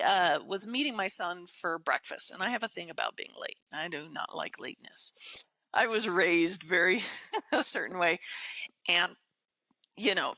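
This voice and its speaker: An older woman, a podcast guest, telling stories in casual, animated chat, emphatic and quick to laugh. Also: lowish voice, no echo. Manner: animated storyteller, acts out her own inner voice.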